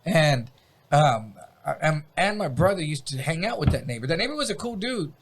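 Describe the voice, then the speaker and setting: Profane, animated male storyteller. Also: a little high, normal speed, slight background noise. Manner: profane, animated, acts out sounds. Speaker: podcast guest. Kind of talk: casual storytelling.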